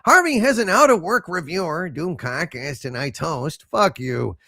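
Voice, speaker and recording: Gravelly, lively man hosting a stream. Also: on the high side, normal speed, dry recording, studio quality. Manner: mock-grand salutes to viewers; loose and rambling, many fillers. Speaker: show host reading viewer super chats. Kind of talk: casual live-stream chat.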